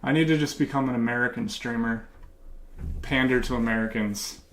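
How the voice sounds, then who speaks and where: A man chatting to his viewers on a livestream, with a voice of ordinary, middle pitch. He talks in a loose, rambling way, full of fillers and false starts, and his tone is dry and sarcastic. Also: fairly quick, a bit bright, slight background noise. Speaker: leftist YouTuber streamer. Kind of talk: casual livestream commentary.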